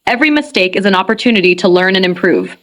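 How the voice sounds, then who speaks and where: A woman reading a scripted English lesson for beginners in a clear, measured way. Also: mid-range voice, animated. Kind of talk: scripted instructional narration.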